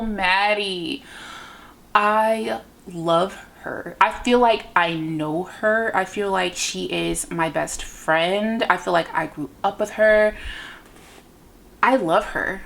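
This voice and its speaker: A woman's voice: lowish voice, vocal fry, a bit bright. A young woman chatting casually on her book channel, gushing and rambling with lots of fillers. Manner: chatty, gushing, lots of "like" and "you know what I mean". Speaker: book vlogger. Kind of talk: casual book review chat.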